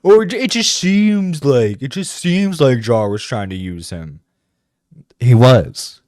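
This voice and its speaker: A man's voice: mid-range voice, sing-song, measured pace, a little mellow, no room sound, studio quality. A man hosting a reaction stream, bluntly cursing and stammering through restarts. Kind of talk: profane reaction commentary.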